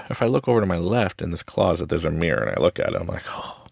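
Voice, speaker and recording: A man's voice: sits low, lively intonation, a little fast, vocal fry, slightly rough, no room sound, studio quality. A man hosting a podcast, talking through a casual, rambling motivational monologue from a small closet and laughing often. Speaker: podcast host.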